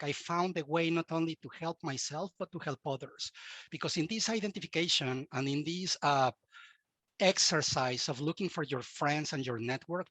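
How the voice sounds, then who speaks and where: A man's voice: on the high side, fairly bright tone, no echo. A man from Mexico with a Mexican Spanish accent, Spanish his first language, giving earnest advice as a guest in an interview and often repeating words as he restarts. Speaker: guest expert.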